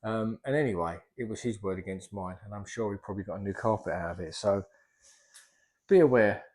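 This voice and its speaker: A man's voice: fairly low pitch, a little fast, darkish tone. A middle-aged man, a plasterer chatting casually in a vlog as he works and rambling off topic. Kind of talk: casual vlog talk while working.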